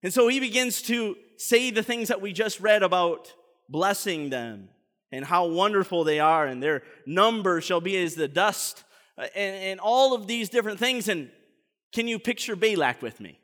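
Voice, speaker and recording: A high, bright male pastor tells a story in an animated way during his sermon. He often stumbles into repeated words. His voice rings with a long reverb in the church sanctuary. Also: moderate pace.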